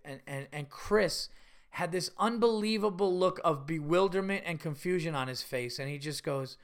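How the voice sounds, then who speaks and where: A man hosting his own podcast, telling profane, animated stories with laughs in a casual, unscripted way. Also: sits high, moderate pace. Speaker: podcast host and stand-up comedian. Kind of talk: casual solo podcast storytelling.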